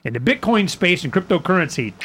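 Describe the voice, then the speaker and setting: A man's voice: high-pitched, very animated, a little fast, a bit bright, a little hiss or hum. A man hosting a radio talk show, rambling and acting out both sides of conversations, stammering on repeated words.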